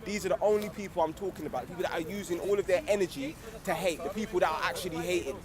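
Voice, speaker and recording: A man's voice: sits high, rapid-fire. A young man speaking casually outdoors on a street, full of slang and frequent "you get me". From England. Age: young adult. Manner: slangy, repeats "you get me", grows fervent and loud. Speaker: organiser of a street discussion circle.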